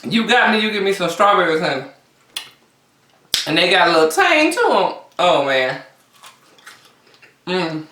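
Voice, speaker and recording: A woman vlogger chatting casually to camera between bites, often pausing on long hums. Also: on the low side, very animated, fairly bright tone. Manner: chatty, talks between bites with drawn-out mms. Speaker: mukbang vlogger. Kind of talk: casual eating chat to camera. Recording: roomy sound from a distance.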